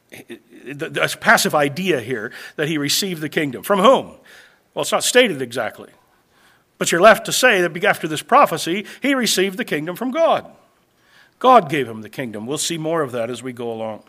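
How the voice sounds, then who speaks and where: Emphatic preacher with a fairly high voice. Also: male voice. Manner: swings between loud emphatic lines and quiet low asides; slows down to stress key phrases. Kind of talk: sermon teaching through a book of scripture.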